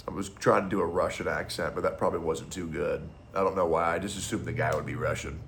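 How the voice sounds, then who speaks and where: A man with a very low, gravelly voice delivers a blunt, profane rant straight to his viewers. He talks in a loose, opinionated monologue, and a faint hiss sits under the recording. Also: steady tone, moderate pace. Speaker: streamer. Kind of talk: casual ranting monologue.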